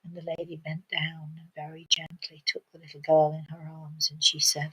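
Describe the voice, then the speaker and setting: An older woman telling a story slowly and haltingly, with dramatic pauses and fillers. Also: deep voice, monotone, fairly bright tone, husky, rough recording. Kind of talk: spoken storytelling.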